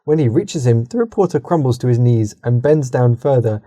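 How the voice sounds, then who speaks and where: A man co-hosting a casual podcast reads an interactive story aloud, often breaking off to laugh, swear and comment. His voice is mellow and dark, at a middling pitch. It is recorded dry and close on a podcast mic. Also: animated, a little fast, dry recording.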